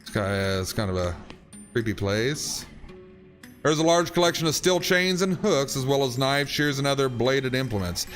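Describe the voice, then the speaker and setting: Lively wry male game streamer. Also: mid-range voice, normal speed, soft background music. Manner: wry asides between reading. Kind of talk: let's play, reading game text aloud.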